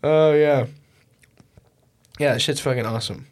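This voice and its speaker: With a mid-range voice at a measured pace, the young man swears nonstop and laughs frequently while animatedly recounting stories. It's a casual chat on his home podcast, recorded through a mixer.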